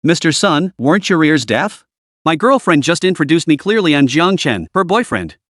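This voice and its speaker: A man voicing a cocky, flippant young man who teases with deadpan mockery in a story recap. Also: a little high, moderate pace, no room sound, clean studio sound. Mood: mocking. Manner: mocking, deadpan teasing.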